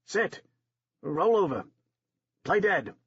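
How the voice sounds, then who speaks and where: A man's voice: sits high, big pitch swings, takes it slowly, a bit bright, breathy edge, dry recording, voice pushed up, full character voice. A man in his thirties voicing a wry, self-mocking male screenwriter turned amateur sleuth, in a dry, slightly dull recording. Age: 30s.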